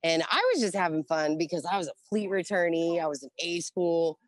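Middle-aged woman swearing her way thru a navy story, lowish voice, dry close sound. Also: a little fast, no room sound. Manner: profane, animated, acts out dialogue. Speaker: guest, former Navy religious program specialist. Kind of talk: casual storytelling.

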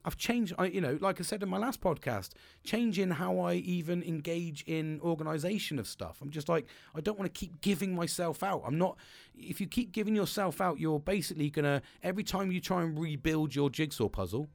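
A man's voice: a little high, fairly quick, gravelly, no echo. A young man hosting a podcast, talking in a casual, rambling way, swearing freely and laughing often. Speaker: podcast host. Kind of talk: casual motivational monologue.

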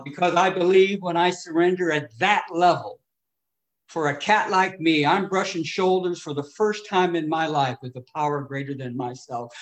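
Man, middle-aged, slightly high voice, recovery speaker, emotional, loud then hushed. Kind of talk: AA share storytelling.

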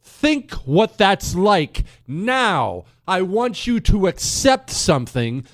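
A male radio host delivers a dramatic monologue into a studio mic, dropping to a hush and then pressing hard. His voice sits a little high, and the sound is dry and close. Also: big pitch swings, takes it slowly, no room sound. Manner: dramatic storytelling, shifting between hushed and emphatic. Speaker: radio talk show host. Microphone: studio microphone.

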